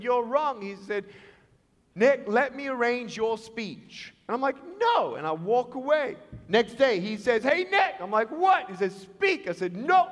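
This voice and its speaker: Lively guy preaching to students, high voice, big reverby hall. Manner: animated, acts out voices in his stories. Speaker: motivational speaker. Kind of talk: storytelling speech to students. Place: large school hall.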